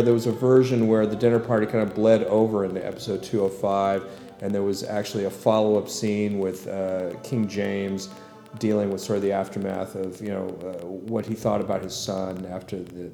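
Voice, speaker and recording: A middle-aged man hosts a commentary podcast in a laid-back, rambling way, his low voice mellow and warm. He pads his thoughts with fillers and drifts between points. The room around him has a noticeable echo. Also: brisk, faint music behind. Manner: relaxed, rambling with many fillers. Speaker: podcast host and producer.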